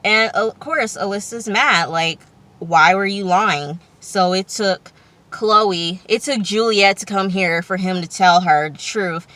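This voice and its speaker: A woman's voice: medium pitch, unhurried, bright, forceful tone, no room sound. A woman recapping a TV episode for her vlog in a loose, slangy way, swearing freely and making chatty asides. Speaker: TV recap vlogger.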